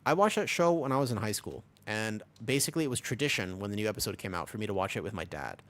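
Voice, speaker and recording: Talking fast and animatedly in a fairly low voice, a twentysomething Twitch streamer chats casually on his live stream. He wanders from thought to thought, restarting frequently and swearing now and then.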